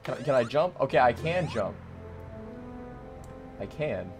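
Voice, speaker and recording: A young man doing let's play commentary, hyper and rambling, joking around and breaking into sudden loud outbursts. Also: mid-range voice, lively intonation, unhurried. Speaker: gaming commentator. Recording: faint game music behind.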